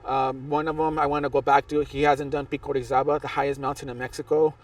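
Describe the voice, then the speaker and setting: A man's voice: medium pitch, level tone, fast, dry recording, recorded from a distance. A man guest on a podcast, telling a long hiking story in a rambling way, with many restarts and fillers. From Southern California. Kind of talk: casual storytelling interview.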